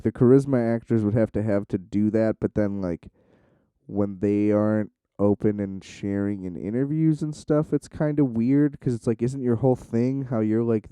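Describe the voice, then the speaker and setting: A man's voice: on the low side, mellow, smooth, no echo. A man hosting his own podcast, rambling casually with plenty of fillers and swearing. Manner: rambling, profane, lots of fillers; self-described shy. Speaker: podcast host. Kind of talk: casual solo podcast monologue.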